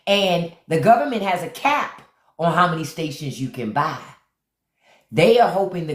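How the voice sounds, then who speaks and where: A woman hosting a livestream, talking bluntly and preachily, repeating lines for emphasis and greeting viewers by name. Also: mid-range voice. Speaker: live stream host. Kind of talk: livestream commentary. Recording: echoey room.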